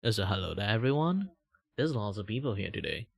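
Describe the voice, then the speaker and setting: Malaysian streamer-host, low voice, very animated, dry close sound. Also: male voice, fairly quick, vocal fry, no room sound. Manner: animated, laughs often, jumps into high exclamations. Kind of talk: casual livestream chat.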